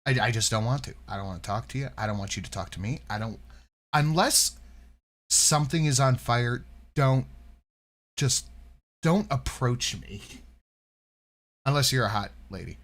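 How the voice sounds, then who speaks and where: Animated, profane man telling stories. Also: mid-range voice, moderate pace, pauses often. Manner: animated, profane, acts out quoted voices. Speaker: podcast co-host reacting to videos. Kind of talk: casual chat, storytelling.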